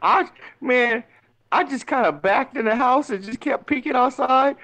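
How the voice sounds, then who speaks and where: Co-host, mid-range voice, animated and profane storyteller, dry close sound. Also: sits high, a little slow, no room sound. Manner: animated storyteller, swears, laughs a lot. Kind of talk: casual chat.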